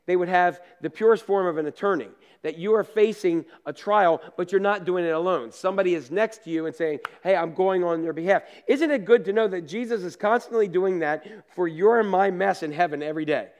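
A male pastor preaching casually, telling lively personal stories, acting out scenes and laughing at himself, with asides to the congregation. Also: sits high, fairly quick, hardly any pauses. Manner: animated storyteller, acts out scenes and laughs at himself.

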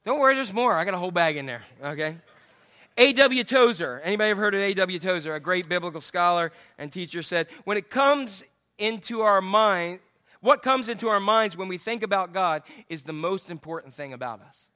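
High, bright-voiced joking preacher man. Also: expressive, brisk. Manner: joking, conversational preaching with asides to the congregation. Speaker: pastor. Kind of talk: sermon. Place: church sanctuary.

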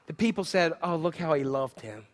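A man preaching a sermon, swinging between loud, emphatic declarations and hushed, quiet passages. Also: fairly high pitch, lively intonation, a little fast, big-room sound. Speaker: pastor.

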